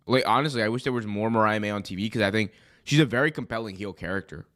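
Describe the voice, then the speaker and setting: A young man who is hoarse from being sick, hosting a live wrestling commentary stream in a chatty, rambling way that often corrects itself. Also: on the low side, fast talker, fairly bright tone. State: hoarse, recovering from illness. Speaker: wrestling show host.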